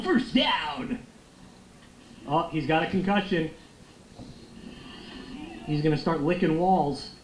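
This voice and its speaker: A young man giving loud, excitable, profane commentary while playing a football video game. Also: a little high. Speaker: gaming streamer. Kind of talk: live gameplay commentary. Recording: echoey room with faint noise.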